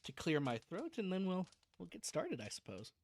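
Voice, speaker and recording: A man chats casually on his livestream, joking at his own expense and restarting sentences as he goes. His voice sits a little high and moves a lot. He sounds loose and talkative. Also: huge pitch swings, moderate pace. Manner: chatty, self-deprecating, restarts often. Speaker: streamer reading a novel aloud.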